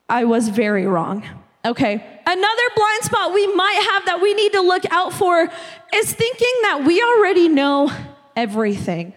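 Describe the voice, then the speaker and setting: A young woman preaches a sermon in a chatty, conversational way, often checking in with her listeners. Her voice sits very high, and a long church hall reverb lingers after her words. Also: sing-song, moderate pace, faint music behind. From United States. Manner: conversational, repeatedly asking "okay?". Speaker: youth pastor.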